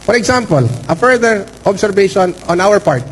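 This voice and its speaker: Guy lawyer w a high voice addressing a board, slow formal, leans on certain words, faint hiss behind. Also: animated, rough recording. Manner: deliberate, formal, stresses key words, pauses with fillers. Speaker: lawyer for a candidate. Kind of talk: formal manifestation before a canvass board. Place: hearing room.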